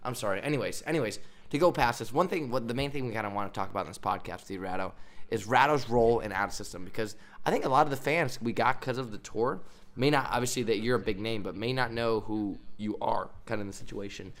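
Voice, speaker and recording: A young man hosting a podcast, telling a story in a casual, animated way, with frequent laughs and fillers. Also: on the low side, quick pace. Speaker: podcast host. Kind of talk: casual chat.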